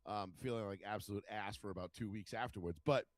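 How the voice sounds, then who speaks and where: A man's voice: on the low side, fast talker, no echo. Swearing storyteller man with dry sound. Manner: storytelling, swears freely, acts out quotes. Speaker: podcast co-host. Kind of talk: casual chat.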